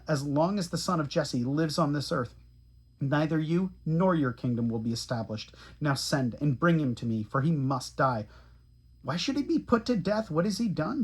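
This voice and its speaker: Husky man, steady earnest scripture reading, podcast host. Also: medium pitch. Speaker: Bible reader.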